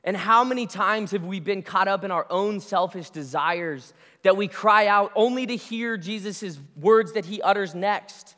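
Male pastor, bright high voice, chatty sermon delivery, long hall reverb. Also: measured pace, few pauses. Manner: conversational, restarts phrases, storytelling asides.

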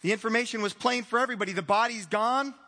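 A man's voice: high voice, fast, bright, forceful tone, faint music behind. A man preaching a conversational sermon as pastor, acting out little dialogues and chuckling as he goes. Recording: reverberant hall.

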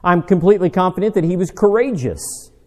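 Speaking briskly in a high-pitched, expressive voice, a man preaches a conversational Bible-study sermon. The long reverb of a large hall surrounds him as he chats, quizzes his listeners, and teases himself with dry humor.

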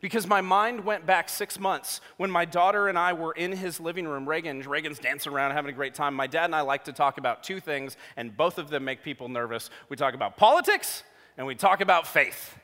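Male pastor, 30s, sermon storytelling, bright forceful voice, slightly high, hall reverb. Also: a little fast. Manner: animated storytelling, jokey asides, swings from hushed to loud.

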